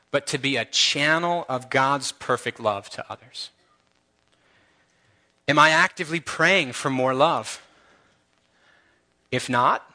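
A man's voice: mid-range voice, sharp tone. A man who is a church elder, preaching an earnest and impassioned sermon straight to his congregation.

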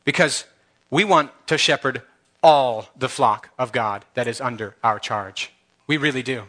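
A man's voice: mid-range voice, a little slow, bright, forceful tone. A man who is a church elder, preaching an earnest and impassioned sermon straight to his congregation.

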